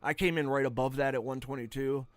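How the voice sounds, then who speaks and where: A man's voice: medium pitch, fairly even intonation, quick pace, no room sound. Profane rambling gamer man. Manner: crude, profane, rambling rants with sudden outbursts. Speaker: gaming streamer. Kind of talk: casual gameplay commentary.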